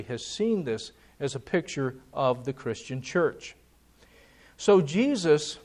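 A man preaching a sermon, emphatic and repeating key words for stress. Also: on the high side.

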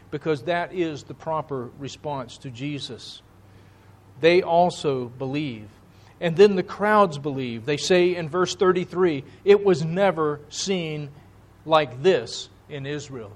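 A man preaching a sermon in a slow, deliberate and emphatic way. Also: fairly high pitch, a little hiss or hum. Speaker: pastor.

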